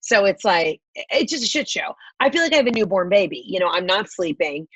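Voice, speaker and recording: A woman in her thirties from the American South, a podcast guest telling profane, animated stories in casual chat. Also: mid-range voice, brisk, breathy edge, no room sound, highs cut off. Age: 30s.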